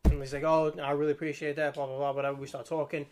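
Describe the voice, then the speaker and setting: Fast-talking New guy spinning a story. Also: a little high, level tone, noisy background. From Staten Island, New York. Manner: rambling, slangy, laughs while telling. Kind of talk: casual storytelling chat.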